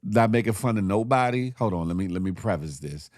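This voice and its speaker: A man hosting a casual morning show, animated and joking, laughing often as he comments. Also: fairly low pitch, fairly quick, dry recording, clean studio sound.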